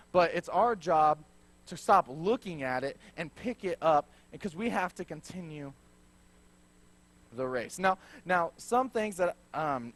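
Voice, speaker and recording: A young man in his twenties gives a sermon in a church. He tells it as a joking personal story and often drops into low, wry asides. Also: fairly bright tone. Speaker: preacher.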